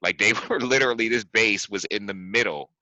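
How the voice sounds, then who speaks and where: A man hosting a podcast, casually chatting about movies, animated and laughing, often repeating himself. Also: fairly low pitch, fairly quick, dry recording, dull audio. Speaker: podcast host.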